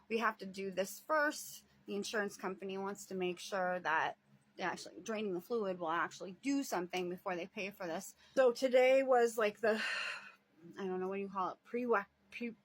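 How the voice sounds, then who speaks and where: A woman's voice: mid-range voice, fairly bright tone. A woman caring for her parents, talking in a rambling casual video diary, laughing often and sighing. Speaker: vlogger and family caretaker.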